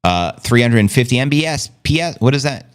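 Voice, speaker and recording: A man's voice: medium pitch, animated, fairly quick, clean tone. A man hosting a casual livestream, talking in a brash, playful way with plenty of swearing and his own made-up slang. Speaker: livestream host. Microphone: streaming setup.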